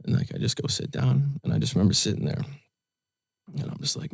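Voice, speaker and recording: A young man telling a personal story in an interview, soft-spoken and heartfelt, with many fillers. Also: lowish voice, sing-song, quick pace, gravelly, slightly rough, no echo, studio quality. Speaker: guest musician.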